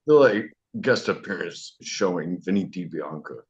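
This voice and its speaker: A man's voice: sits low, animated, moderate pace, lo-fi sound. A man hosting a casual interview, joking and teasing the guest. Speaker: host. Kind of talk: casual chat.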